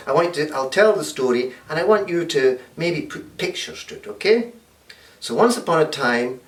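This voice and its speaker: Man, lively storytelling teacher, roomy echo, distant mic. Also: mid-range voice. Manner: animated, checks in with "okay?". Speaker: workshop teacher. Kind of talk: storytelling lesson.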